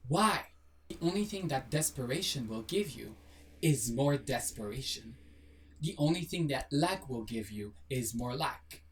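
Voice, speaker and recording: Picked up on a distant mic, a mid-range voice delivers a blunt, sassy motivational monologue to camera. The host fires off rhetorical questions, drops casual swears and offers joking apologies.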